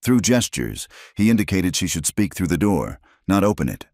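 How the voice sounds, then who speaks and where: A man with an extremely deep voice narrates a Western story in a measured, dramatic way. His pitch moves a lot. The recording is dry and close, with no room sound. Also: big pitch swings, a little mellow, no room sound.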